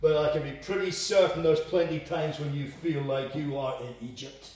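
A man preaching a sermon in an earnest, emphatic way, rising in pitch and force to stress his points. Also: steady tone, normal speed, a little mellow. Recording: echoey hall from far off.

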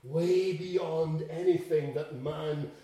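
A man preaching a sermon in a church, emphatic, swinging between loud and quiet to drive home his points. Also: on the high side, fairly even intonation, slow. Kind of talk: expository sermon. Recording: echoey room, distant mic.

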